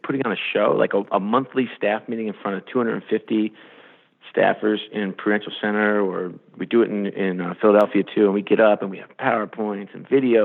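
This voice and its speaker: A man, a sports executive, telling animated stories in a podcast interview and acting out the quotes. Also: fairly low pitch, vocal fry. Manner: animated storyteller, acts out quotes. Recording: phone-line quality.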